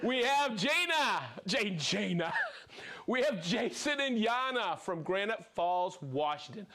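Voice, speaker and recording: A man hosting a live product show, reading out viewer shout-outs with exuberant, playful energy, whooping and joking between names. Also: sits high, lively intonation, takes it slowly.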